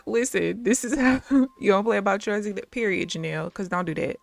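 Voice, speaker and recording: A woman telling stories on a live stream, animated and blunt, laughing often and swearing freely. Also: mid-range voice, brisk, vocal fry, dry recording, soft background music. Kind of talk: casual storytelling on a live stream.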